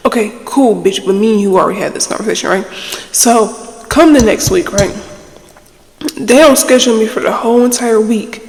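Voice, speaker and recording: A woman's voice: fairly high pitch, moderate pace, in a large hall, poor audio. A woman hosting a casual ASMR storytime chat, telling her story bluntly and animatedly with plenty of swearing. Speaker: ASMR channel host.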